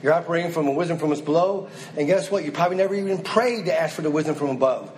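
A man's voice: fairly high pitch, very fast, a little mellow, slight background noise, low-quality recording. A man preaching a sermon, reading scripture aloud and then pressing his listeners with direct, rising exhortations.

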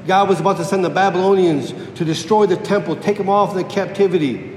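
A man preaches a sermon emphatically, repeating key phrases for effect, his fast voice carrying a darkish tone. The hall is echoey, with a faint rumble.

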